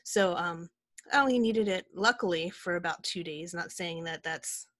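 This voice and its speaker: A woman's voice: fairly low pitch, moderate pace, fairly bright tone, no room sound. A woman co-hosting a podcast, talking in a candid, rambling way with many fillers. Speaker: podcast co-host. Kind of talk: casual chat.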